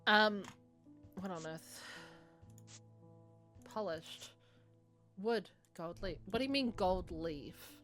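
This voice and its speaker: A woman's voice: medium pitch, slow, pauses often, a bit bright, soft background music. A woman streamer chatting casually over gameplay, hesitant and trailing off.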